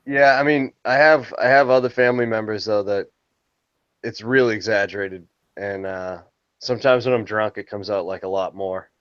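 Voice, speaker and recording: Man, low smooth voice, dry and muffled, easygoing, measured. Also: fairly bright tone, no echo. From Massachusetts South Shore. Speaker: chat participant. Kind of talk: casual late-night group chat.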